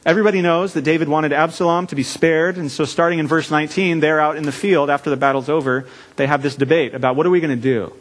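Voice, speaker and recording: A man preaching a sermon in a church, earnest and measured, with deliberate pauses. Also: a little high, steady tone. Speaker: pastor.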